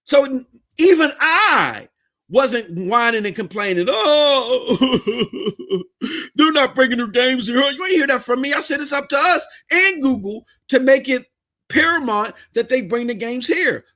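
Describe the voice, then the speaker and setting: A man with a very high, bright voice and a forceful tone hosts a podcast. He has a Southern US accent and fires off blunt, slangy commentary in a heated rant.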